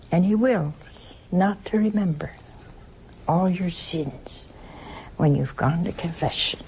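A woman's voice: medium pitch, darkish tone, a little hiss or hum. An older woman, a nun, giving a folksy, playful spiritual talk on a call-in television program in a studio, chuckling often between points.

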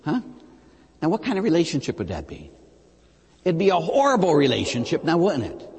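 A man preaching as a Catholic priest, telling stories with lively asides and frequent "huh?" to his listeners. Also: fairly high pitch, brisk, breathy edge. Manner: animated storytelling with rhetorical "huh?" asides. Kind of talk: sermon. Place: church. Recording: long reverb of a large church.

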